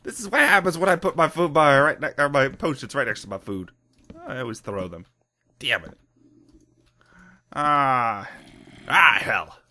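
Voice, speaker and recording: Bright-voiced excitable let's play man. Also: medium pitch, unhurried, long pauses. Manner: excitable, self-mocking, laughs often. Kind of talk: casual gameplay commentary.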